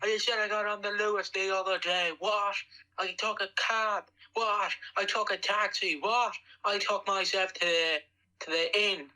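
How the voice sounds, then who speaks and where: A man's voice: sits high, steady tone, a little slow, bright, forceful tone, full character voice, low-quality recording. A man doing an impression of a famous wrestler as an Irishman. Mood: rowdy boasting. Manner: repetitive call-and-response chant. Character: famous gruff male wrestler reimagined as an Irishman on a pub crawl.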